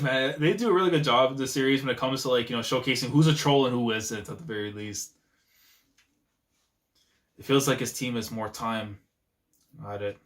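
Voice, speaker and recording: A man's voice: mid-range voice, a bit bright. A young man giving casual live reaction commentary while watching anime. He laughs often and throws in slangy asides.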